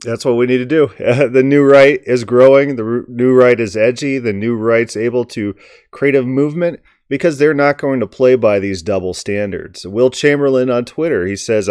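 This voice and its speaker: A man giving combative political commentary in an emphatic, forceful way. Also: medium pitch, moderate pace, clean tone, dry recording, studio quality.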